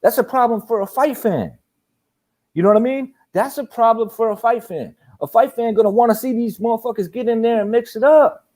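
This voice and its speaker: Animated high-voiced man ranting about boxing. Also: brisk. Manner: animated, profane, laughs often. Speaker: boxing talk show host. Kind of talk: casual chat.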